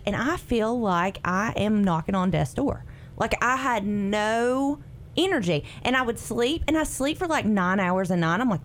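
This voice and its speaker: Woman in her forties, radio co-host, animated storyteller, mid pitch. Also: moderate pace, a little hiss or hum. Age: 40s. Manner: lively, animated, acts out her own quotes. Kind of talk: casual chat telling her story.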